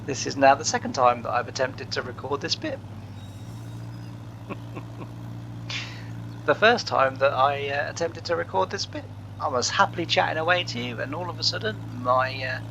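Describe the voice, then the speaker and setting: A man's voice: a little high, lively intonation, moderate pace, vocal fry, long pauses, bright, forceful tone, a little hiss or hum. A man hosting a farming game let's play from his living room, chatting casually with lots of fillers and chuckles. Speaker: gaming channel host.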